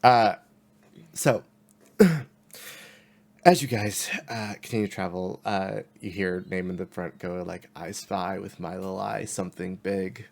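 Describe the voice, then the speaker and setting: A man narrating a tabletop game as game master, halting with fillers and laughing often. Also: low-pitched, fairly even intonation, creaky, darkish tone.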